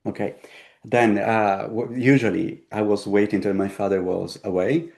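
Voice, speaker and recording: An Italian-accented man who tells a personal story at a conversational pace, breaking off and restarting his phrases. His voice is fairly low and sits dark and mellow rather than bright. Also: steady tone, gravelly. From Italy. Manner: halting, with frequent restarts. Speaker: host.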